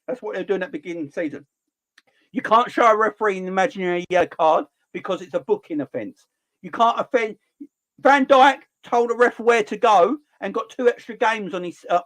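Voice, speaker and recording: A man in his forties with a South East London accent, hosting a football livestream and ranting passionately between relaxed chat with viewers. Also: high-pitched. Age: 40s. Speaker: football channel livestream host.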